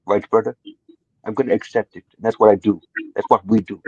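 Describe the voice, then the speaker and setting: A man's voice: lowish voice, steady tone, fairly quick, breathy edge, no echo. A man playing a cocky migrant caller who taunts the hosts and keeps calling them brother. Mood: taunting. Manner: provocative, taunting, calls others brother. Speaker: prank caller posing as a migrant. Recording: dull lo-fi dry call audio.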